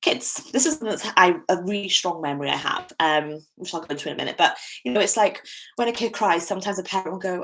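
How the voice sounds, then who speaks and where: Gravelly-voiced British woman talking candidly. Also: medium pitch, expressive, quick pace, fairly bright tone. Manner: candid, chatty, with frequent fillers. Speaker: podcast host. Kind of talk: casual solo talk.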